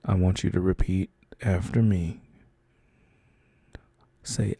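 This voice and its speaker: A young man speaking in a whispered role-play, comforting a listener as their boyfriend. His voice is very dark and husky, recorded dry and close with no room sound. He talks slowly and gently, pausing often with soft fillers. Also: sits low, steady tone, dry recording. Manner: soft, slow and reassuring, with hesitant fillers.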